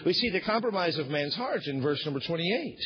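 A male pastor preaches in an emphatic style, climbing to shouted points and then dropping low. His voice sits high and sounds husky. The recording is dull and lo-fi. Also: sing-song, brisk. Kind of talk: sermon.

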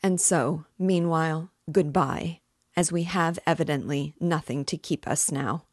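A woman's voice: deep voice, measured pace, no echo, clean studio sound. A woman voicing an irritated, resolute young male student under suspicion in an audiobook reading.

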